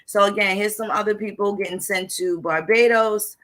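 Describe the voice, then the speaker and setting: A woman's voice: medium pitch, fairly even intonation, normal speed, fairly bright tone. A woman hosting a casual history talk, walking through old records in a blunt, profane, conversational way. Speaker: history channel host. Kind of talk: casual lecture over on-screen records.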